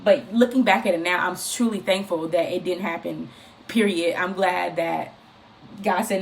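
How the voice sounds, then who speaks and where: A woman giving an informal, encouraging faith talk, speaking in an animated, repetitive, conversational way. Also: fairly low pitch, moderate pace, vocal fry, a little hiss or hum. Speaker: inspirational speaker.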